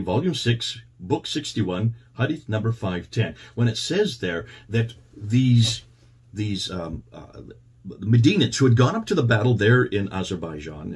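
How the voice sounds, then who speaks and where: A man's voice: lowish voice, a little mellow, breathy edge. A man hosting and commenting on a played clip, explaining in detail and citing references. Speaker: host and commentator.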